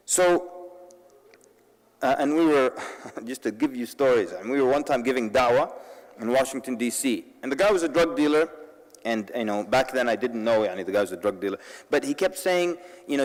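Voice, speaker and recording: A man's voice: medium pitch, moderate pace. A man giving a sermon-style talk at a convention, telling stories with humorous asides and addressing the audience directly. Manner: lively storytelling with humorous asides. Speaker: convention speaker. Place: large convention hall. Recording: long reverb in a large hall.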